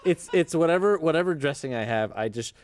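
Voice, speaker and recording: Man, mid pitch, lively, halting easygoing chat, faint noise behind. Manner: halting, full of restarts, easygoing. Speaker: podcast regular. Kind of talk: casual chat.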